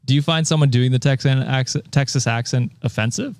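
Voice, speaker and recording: A man's voice: medium pitch, fairly quick, no room sound, studio quality. A man co-hosting a casual podcast, rambling with lots of ums and frequent giggles. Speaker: podcast co-host.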